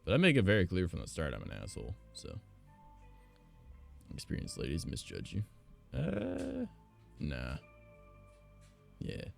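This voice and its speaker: A man's voice: deep voice, wildly swooping pitch, a little slow, creaky, long pauses. A man streamer telling stories in casual chat, rambling, blunt and profane. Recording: faint background music.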